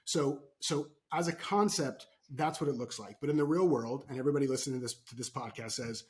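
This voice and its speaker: A man who works as a performance coach, a podcast guest who tells animated stories and keeps checking in with "right?". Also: medium pitch, brisk. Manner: animated storytelling, frequent "right?" tags. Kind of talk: podcast interview.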